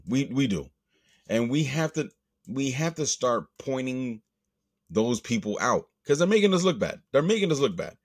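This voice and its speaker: A Latino man hosting a podcast, rambling through a profane, animated rant with the odd put-on voice. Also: sits low, no room sound, studio quality. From Latino, grew up in the US. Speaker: podcast host. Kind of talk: casual monologue.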